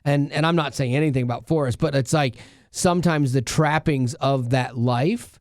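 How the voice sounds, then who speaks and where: A man's voice: medium pitch, normal speed, darkish tone, dry recording, studio quality. A man co-hosting a casual podcast, telling a personal story earnestly, with many restarts and asides. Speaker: radio show co-host.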